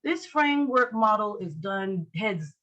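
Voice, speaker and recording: A woman's voice: mid-range voice, animated, measured pace, a bit bright, lo-fi sound. A woman leading an online class in a lecture style. She is playful and acts out facial expressions with joking lines. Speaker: instructor.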